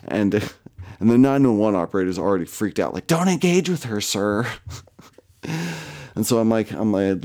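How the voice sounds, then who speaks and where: A man's voice: on the low side, mellow. A man hosting a podcast, telling a story casually, swearing often and laughing as he goes. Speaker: podcast host.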